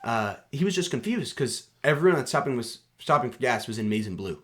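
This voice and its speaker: A young man from Canada co-hosting a podcast. He tells stories in an animated, laughing way, with plenty of casual filler words. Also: mid-range voice, fairly quick. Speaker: podcast co-host. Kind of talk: casual storytelling chat.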